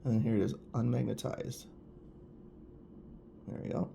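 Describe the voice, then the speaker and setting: Gravelly man gushing over polish. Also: medium pitch, steady tone, normal speed, mellow, highs cut off, a little hiss or hum. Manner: gushing, chatty, addresses viewers directly. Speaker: nail polish reviewer. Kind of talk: casual product review vlog.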